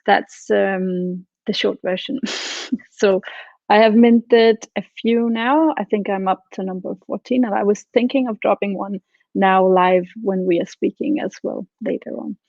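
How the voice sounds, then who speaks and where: A woman, a guest artist, calmly explaining her work in an interview over a video call. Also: mid-range voice, measured pace, creaky, dry recording. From Denmark. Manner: matter-of-fact, explanatory. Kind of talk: interview answers. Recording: dry, dull lo-fi call audio.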